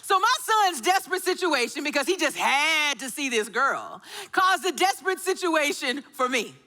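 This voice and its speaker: A woman's voice: sits high, big pitch swings, moderate pace, sharp tone. A middle-aged woman preaching a sermon in a church, telling a story and acting out the quotes. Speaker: pastor.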